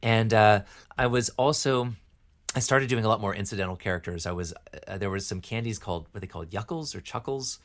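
Casting: middle-aged man, lowish voice, relaxed self-deprecating guest in a chat. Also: brisk. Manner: good-humored, self-deprecating. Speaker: podcast guest, puppeteer. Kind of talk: casual chat.

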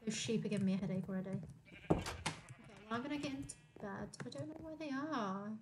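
Young woman streamer, bright chatty delivery, higher pitch. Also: fast talker, noisy background. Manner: chatty, reads chat aloud, giggly. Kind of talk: casual gaming stream chat.

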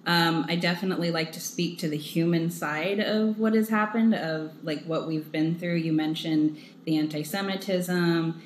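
A low-voiced woman talks earnestly and openly, filling her thoughts with "like" and "um." The sound is echoey, with a light hiss underneath. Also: fairly even intonation, moderate pace. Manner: earnest, personal, uses "like" often. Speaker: foundation staff member. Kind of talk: candid interview answers. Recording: echoey room with faint hiss.

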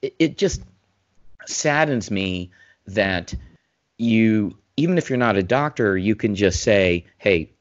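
A man's voice: lowish voice, big pitch swings, measured pace, no echo. A man co-hosting a casual podcast, talking in long rambling runs with many restarts that turn emphatic. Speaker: podcast co-host, former physician. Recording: dull dry remote mic sound.

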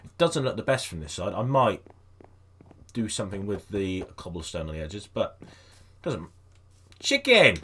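Chatty man, husky lively voice. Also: moderate pace. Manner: chatty, coaxes animals in a high sing-song voice. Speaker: gaming video host. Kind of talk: casual let's-play commentary.

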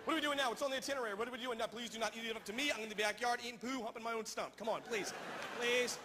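A man's voice: very high-pitched, rapid-fire, sharp tone, long reverb tail, slight background noise. A man doing a pestering needy dog. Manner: pestering, repeating the same question. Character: needy restless pet dog, male, eager.

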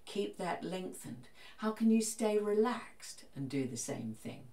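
A woman giving a vocal coach's step-by-step singing lesson, with calm, encouraging instructions. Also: mid-range voice, a little slow, echoey room, recorded from a distance.

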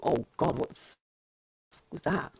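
A man's voice: unhurried, a little mellow. A man chatting casually on a game livestream, rambling and restarting his sentences, with the odd casual swear word. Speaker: streamer.

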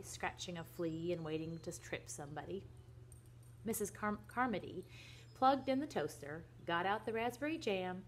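A young woman reading a children's book aloud in a soft, gentle voice that at times drops almost to a whisper. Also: on the low side, slight background noise. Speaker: reader to children.

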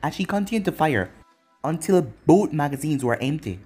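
A man's voice: a little high, expressive, normal speed, a little mellow, husky, soft background music. A man narrating a fan fiction story aloud in a plain storybook reading.

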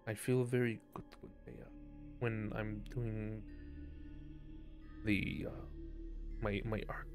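Casting: streamer doing a dreamy artsy man, drawn-out and halting, soft and low, over faint music. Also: flat delivery. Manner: drawn-out, hesitant, full of uh's. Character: slow, rambling artistic man, halting.

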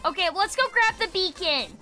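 Very high, bright playful streamer woman. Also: big pitch swings, moderate pace, faint music behind. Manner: playful, silly, hops between voices. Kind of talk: casual gaming stream chat.

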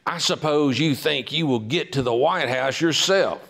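A man puts on a screeching, jealous first lady, shrill and indignant, her pitch pushed well above his own. The outburst stays prim and scandalized throughout. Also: moderate pace, vocal fry, crowd noise. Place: public library meeting room.

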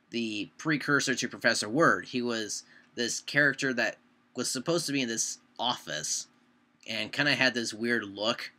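Young male vlogger, casual and rambling, bright, pointed tone. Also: mid-range voice. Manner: rambling, self-correcting. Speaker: YouTube creator. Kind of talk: casual talk to camera.

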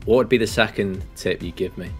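A man's voice: lowish voice, fairly quick, faint music behind. A man co-hosting a casual quiz show, teasing and swearing in disbelief. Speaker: co-host. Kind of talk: casual game-show banter.

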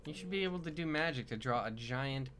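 A woman's voice: a bass voice, animated, fast, fairly bright tone, slight background noise. A woman giving casual gameplay commentary, joking, swearing a lot and making playful sound effects.

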